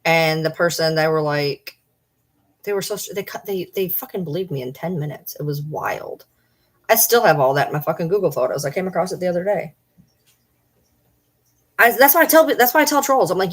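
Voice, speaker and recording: A woman's voice: lowish voice, moderate pace. A middle-aged woman streamer telling a story in a casual, blunt and profane way. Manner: blunt, profane, animated retelling.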